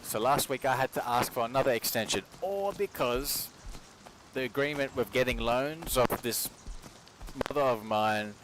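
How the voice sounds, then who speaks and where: A man's voice: medium pitch, normal speed. A man from Australia, rambling and swearing in a casual stream chat from his kitchen. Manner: rambling, profane, slangy. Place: home kitchen while cooking. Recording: noisy home stream audio.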